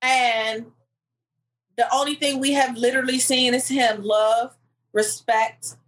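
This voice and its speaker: Casting: woman podcast co-host, fairly high voice, animated slangy storyteller. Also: takes it slowly, low-quality recording. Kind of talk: casual chat.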